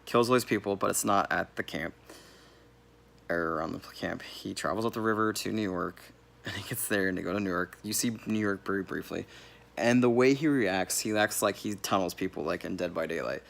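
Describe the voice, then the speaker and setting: A man with a low, gravelly, somewhat bright voice gives a casual, rambling movie review at a fairly quick pace. He corrects himself as he goes and laughs now and then.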